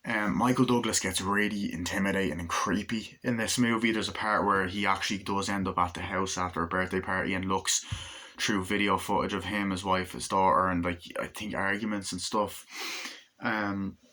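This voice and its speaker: Casual male reviewer, low voice with a bright edge, loose and profane. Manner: rambling, enthusiastic, swears freely. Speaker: movie reviewer. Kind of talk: casual spoken movie review.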